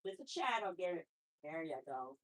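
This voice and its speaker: A woman's voice: low-pitched, big pitch swings, moderate pace. Chatty woman hosting a pet live stream. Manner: chatty, rambling, with restarts; soft baby-talk to pets, often away from the mic. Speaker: pet channel host. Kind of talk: casual live-stream chat.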